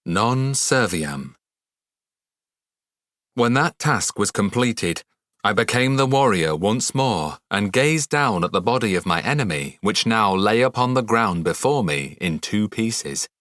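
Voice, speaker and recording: A man narrating a dark fantasy audiobook in the first person, measured and dramatic. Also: lowish voice, expressive, no echo, clean studio sound.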